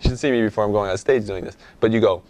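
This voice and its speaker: A man's voice: on the low side, rapid-fire, background noise. A young man giving a casual lesson on breath and voice for rapping, often checking in with "okay?" and demonstrating sounds. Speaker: rap vocal instructor. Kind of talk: instructional talk.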